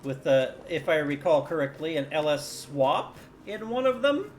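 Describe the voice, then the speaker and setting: A man's voice: fairly high pitch, big pitch swings, moderate pace, slight background noise. Wry, profane male game streamer. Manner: profane, wry, often muttered. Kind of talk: casual gameplay commentary.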